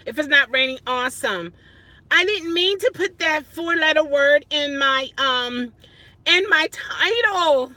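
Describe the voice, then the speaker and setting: A woman's voice: high-pitched, lively intonation, takes it slowly, bright, forceful tone, dry recording. A woman rideshare driver chatting casually on a phone livestream from her parked car at night, flustered and exclaiming often. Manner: flustered, exclaiming and laughing at herself.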